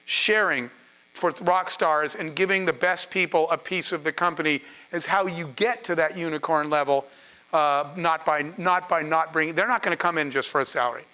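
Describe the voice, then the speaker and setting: A middle-aged man giving a masterclass on building teams, telling an animated story and acting out the voices of the people in it. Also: a little high, normal speed, low-quality recording. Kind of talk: storytelling lecture to an audience.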